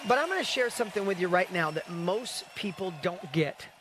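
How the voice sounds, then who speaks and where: A man hosting an online business challenge, talking in a casual, energetic motivational style and often asking his audience rhetorical questions. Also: high voice, a little fast, a crowd in the background, background noise. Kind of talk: casual motivational livestream talk.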